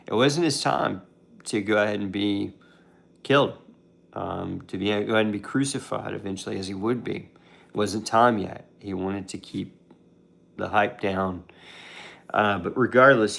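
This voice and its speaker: A man's voice: fairly low pitch, creaky, fairly bright tone. A man casually retelling a Bible story as a devotional host, talking conversationally with fillers and restarts.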